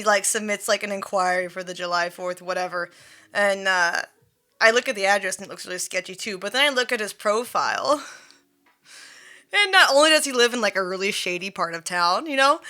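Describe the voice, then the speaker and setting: A woman streamer telling a story in casual chat, animated and full of fillers, laughing and swearing as she goes. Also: medium pitch.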